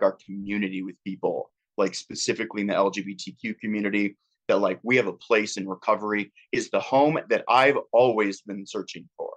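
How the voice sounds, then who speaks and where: A man's voice: fairly low pitch, a bit bright. Earnest man sharing heartfelt thanks. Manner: earnest, heartfelt, filler-heavy with "like". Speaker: support group leader. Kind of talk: emotional personal sharing. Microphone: video call.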